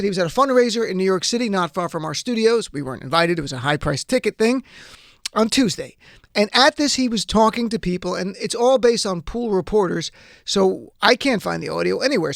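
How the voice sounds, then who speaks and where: A man's voice: high-pitched, gravelly, a bit bright, no echo. A man hosting a political talk show, giving emphatic, sarcastic commentary from a studio. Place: radio studio.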